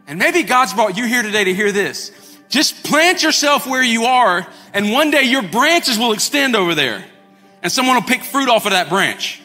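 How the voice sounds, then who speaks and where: Male pastor, high and animated, preaching from the stage in a reverberant sanctuary with faint music under him. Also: normal speed. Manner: animated, acts out quoted voices, repeats words. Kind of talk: sermon. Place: church sanctuary.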